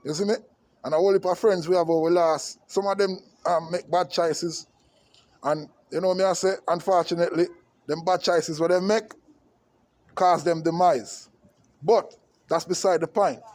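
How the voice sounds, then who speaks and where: A man's voice: high voice, steady tone, normal speed, darkish tone. A Jamaican man giving an impassioned political rant to camera, emphatic and repetitive, often checking in with his listener. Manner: emphatic and repetitive, with frequent tag questions. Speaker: vlogger.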